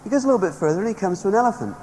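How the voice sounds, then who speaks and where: High-voiced man rallying a hall. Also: lively intonation, rapid-fire, darkish tone. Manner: emphatic, storytelling, rallying the audience. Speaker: motivational speaker. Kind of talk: motivational seminar speech. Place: large hall with a live audience. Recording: echoey hall, faint background noise.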